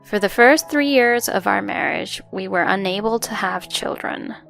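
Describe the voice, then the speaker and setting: A woman's voice: mid-range voice, normal speed, vocal fry, a bit bright. A woman narrating a first-person story in an earnest, emotional way, with faint music behind.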